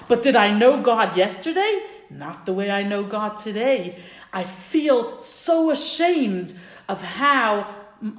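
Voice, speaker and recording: A woman teacher speaks as a humble old male sage, earnest and self-searching, in a lively, rising voice. The room lends a noticeable echo. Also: medium pitch, close to an everyday voice. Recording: roomy echo.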